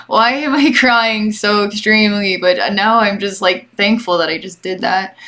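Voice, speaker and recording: A young adult woman giving a gentle, chatty energy healing session as a psychic, rambling and often checking in with the listener. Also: medium pitch. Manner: gentle and reassuring toward the listener. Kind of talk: relaxed guided healing session.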